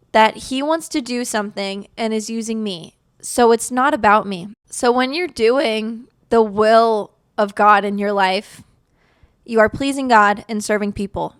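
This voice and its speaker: A woman's voice: medium pitch, clear, resonant tone, no echo, studio quality. A young woman hosting a podcast, talking earnestly and casually about faith, with lots of "like". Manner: earnest, conversational, heavy use of "like". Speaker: podcast host.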